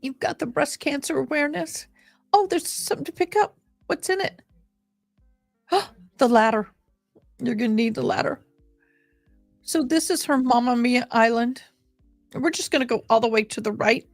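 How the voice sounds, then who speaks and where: Chatty woman streamer, higher voice. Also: animated, moderate pace, long pauses, no echo, clean studio sound. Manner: chatty, addresses viewers directly. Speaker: livestreamer. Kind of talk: casual livestream chat over gameplay. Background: faint game music.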